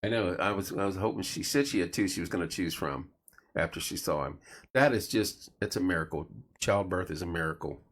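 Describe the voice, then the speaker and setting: A man's voice: low voice, fairly quick. A middle-aged man hosting a casual late-night chat show, telling stories and acting out the voices of people he quotes. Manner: animated storyteller, acts out quoted voices. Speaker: host.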